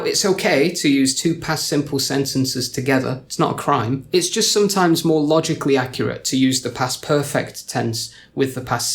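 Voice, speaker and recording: A young adult man teaching English grammar in a scripted explainer. He speaks clearly and deliberately at a mid pitch, leaning on key words to show how stress works. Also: slight background noise.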